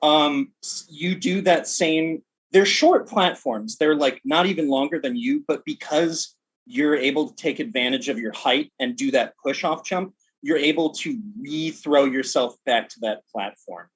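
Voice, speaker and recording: A man narrating a tabletop role-playing game as game master, in an animated, casual way. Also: on the high side, measured pace, husky, poor audio.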